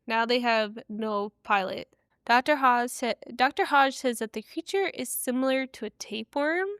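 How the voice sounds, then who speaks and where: A woman's voice: on the high side, normal speed, a bit bright, smooth, no echo, clean studio sound. A young woman hosting a podcast, casually retelling an episode with slangy, opinionated asides. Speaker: podcast host.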